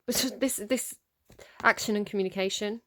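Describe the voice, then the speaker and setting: A woman giving a casual spoken tarot reading, chatty and animated, with lots of fillers and mild swearing as she scolds the cards. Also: medium pitch, normal speed. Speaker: tarot reader.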